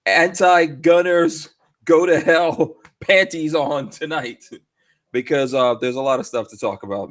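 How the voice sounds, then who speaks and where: A man hosts a live podcast in a loose, joking chat. He laughs often and keeps the energy up. His voice sits at a middle pitch. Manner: jokey, lively, laughs often. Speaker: podcast host.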